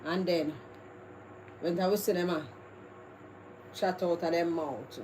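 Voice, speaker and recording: A woman's voice: lowish voice, fairly even intonation, unhurried, darkish tone. A Jamaican woman hosting a casual live stream, chatting with viewers in a rambling, chatty way that is full of laughs. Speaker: livestream host. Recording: noisy background ambience.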